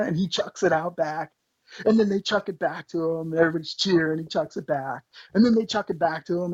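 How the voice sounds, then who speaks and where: Animated, husky man telling band stories. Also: high voice, dry recording, highs cut off. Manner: animated, swearing, laughing between anecdotes. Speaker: podcast guest, band member. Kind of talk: casual storytelling.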